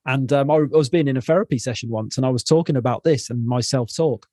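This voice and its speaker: A man talks openly in an interview at an ordinary middle pitch. He tells his stories with blunt frankness and drops swear words casually. The sound is close and dry, with no room around it. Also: fast, warm tone, no echo. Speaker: podcast guest. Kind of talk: candid conversational interview.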